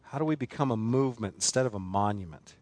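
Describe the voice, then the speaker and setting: A man's voice: fairly low pitch, lively intonation, fast talker, darkish tone, no room sound. A man preaching a sermon as pastor, emphatic and repetitive, with many rhetorical questions.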